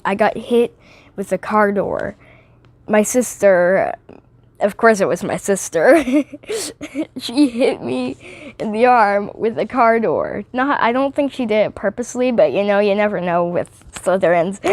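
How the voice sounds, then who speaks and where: Giggly, slow-talking teen girl vlogger. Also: medium pitch, no room sound. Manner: giggly, rambling, often drifting off topic. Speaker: vlogger reviewing a movie. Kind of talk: casual rambling review.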